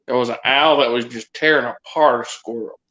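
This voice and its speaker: A man telling a short story in casual podcast chat, slow and hesitant. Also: medium pitch, fairly even intonation, sharp tone, echoey room, lo-fi sound.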